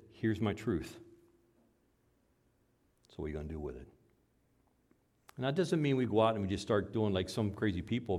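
Preaching man, loud then hushed. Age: adult father. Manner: preaching with big swings from loud emphasis to quiet, low asides. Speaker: pastor. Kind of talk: sermon.

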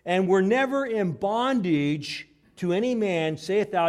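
Male preacher, somewhat high voice, emphatic, rhetorical questions, loud and soft swings. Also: a little slow. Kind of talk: sermon.

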